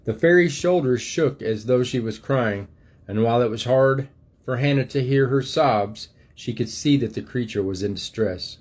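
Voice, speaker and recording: An older man, a grandfather, reading a storybook aloud to his grandchildren in a gentle, unhurried way. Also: mid-range voice.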